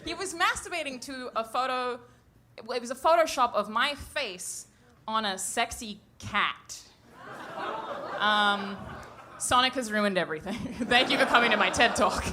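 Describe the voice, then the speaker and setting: A woman's voice: a little high, measured pace, sharp tone, slight background noise. A woman doing a stand-up comedy set on stage into a handheld mic, brash and profane, laughing at her own jokes. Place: comedy stage before a live audience.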